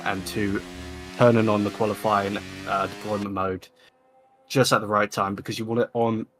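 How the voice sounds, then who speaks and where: Man, low voice, relaxed lap commentary, corner-by-corner breakdown, music behind. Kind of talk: explanatory sim racing commentary.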